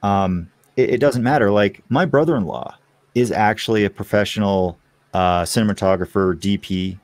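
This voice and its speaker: A man guesting on a podcast, chatting casually and telling candid, animated stories. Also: fairly low pitch, normal speed, no room sound.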